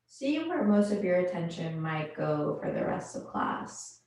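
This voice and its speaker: A woman leads a yoga class with slow, calm guidance and pauses between phrases. Her voice is a little low. The sound is very echoey and picked up from across a large room. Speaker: yoga instructor. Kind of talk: guided yoga class instruction. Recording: very echoey room, mic far off.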